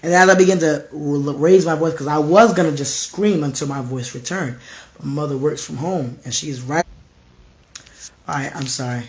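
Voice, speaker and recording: A slightly hoarse young man with a fairly high-pitched voice preaches informally from his home. He speaks with intense, repetitive fervor, sinking to quiet tones when he quotes his own thoughts or God. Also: normal speed. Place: home room.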